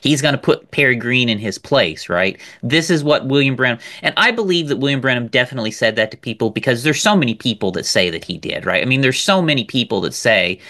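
A man co-hosting a podcast, talking in an animated, emphatic way and repeating words as he builds a point. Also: medium pitch, fairly quick. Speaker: podcast co-host. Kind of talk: casual podcast discussion.

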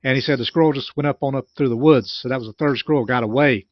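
A man's voice: mid-range voice, quick pace, no echo, lo-fi sound. A man who explains and retells a preacher's story in plain talk, with frequent restarts. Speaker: commentator on a recorded sermon. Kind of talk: explanatory commentary.

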